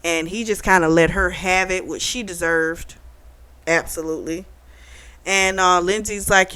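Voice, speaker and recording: A woman's voice: measured pace, smooth. A woman vlogger giving a casual, chatty recap of a novel, full of "like" and "um" as she retells the plot. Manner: animated retelling, acting out characters' lines with a raised pitch; chatty, peppered with "like" and "um". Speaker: book club vlogger.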